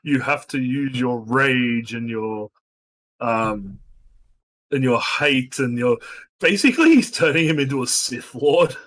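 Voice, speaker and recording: Male podcast co-host, tense bright timbre, stammering casual recap. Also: medium pitch, lively intonation, unhurried, low-quality recording. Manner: stammering restarts, laughing asides. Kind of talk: casual spoiler podcast chat.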